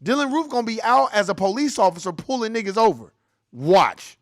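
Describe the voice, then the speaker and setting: A man's voice: high-pitched, animated, fairly quick, no room sound, studio quality. A man in his forties hosting a ranting reaction commentary, profane, heated and mocking. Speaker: host.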